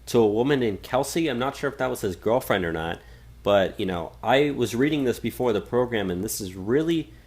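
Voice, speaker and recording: A man's voice: mid-range voice, lively intonation, a little fast, slightly rough. Casual male talk-radio co-host. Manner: reads quotes aloud, frequent fillers and restarts. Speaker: podcast co-host.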